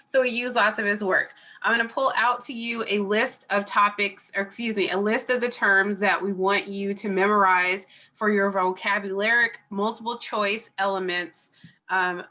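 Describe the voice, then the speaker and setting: A woman's voice: medium pitch, bright, forceful tone. A woman college instructor giving an online class review lecture, chatty and digressive with lots of fillers, heard through a computer mic on a video call. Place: home or office on a video call.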